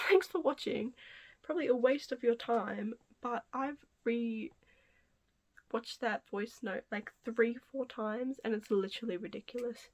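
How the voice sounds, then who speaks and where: A young woman giving casual commentary on a scandal, amused and incredulous, with whispered asides. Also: fairly high pitch. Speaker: commentary vlogger.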